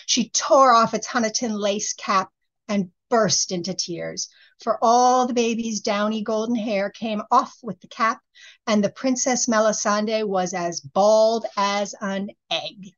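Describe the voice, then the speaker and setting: Woman reading a fairy tale aloud. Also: mid-range voice. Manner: measured, expressive storytelling. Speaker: reader. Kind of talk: storybook reading. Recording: slightly muffled recording.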